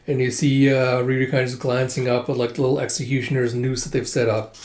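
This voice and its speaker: Man, casual story recap, mid pitch, roomy echo, filler-heavy. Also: flat delivery, fast talker, a little mellow. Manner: retells with frequent 'it's like' and 'uh' fillers. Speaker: manga readthrough host.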